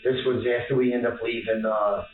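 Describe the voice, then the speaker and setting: A man being interviewed by police, talking haltingly with many fillers. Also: medium pitch, little pitch movement, narrow, tinny audio, a loud crowd. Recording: echoey room, distant mic, faint noise.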